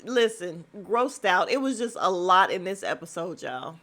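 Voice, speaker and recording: A woman's voice: fairly low pitch, very animated, moderate pace, fairly bright tone. A woman hosting a casual podcast, recapping a reality show in a sassy, blunt manner and swearing freely. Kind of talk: casual chat.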